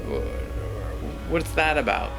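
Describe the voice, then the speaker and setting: A man voicing a suspicious, stern male park ranger who questions and warns in a halting way. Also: mid-range voice, very animated, creaky, music in the background, full character voice. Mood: questioning.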